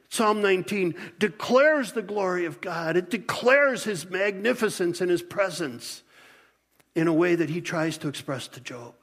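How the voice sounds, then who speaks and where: In a space with a long reverb tail, a pastor with a voice that sits high preaches an animated, conversational sermon, often restarting his sentences.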